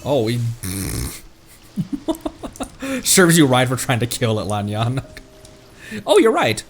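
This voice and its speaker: Goofy, lively male game streamer. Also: mid-range voice. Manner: goofy, jokey, quick to laugh at his own puns; reads in-game lore text aloud. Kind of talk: casual live-stream commentary.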